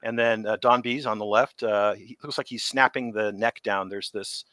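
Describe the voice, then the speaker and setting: A man's voice: lowish voice, moderate pace, no room sound. A middle-aged man telling stories from creature suit work in a casual interview, acting out the quotes. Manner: animated storyteller, acts out quotes.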